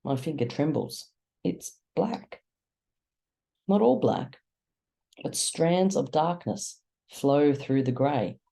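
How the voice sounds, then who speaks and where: Audiobook reader, slow and measured, gravelly dark tone, first-person narration. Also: mid-range voice, animated. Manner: slow, measured, dramatic pauses.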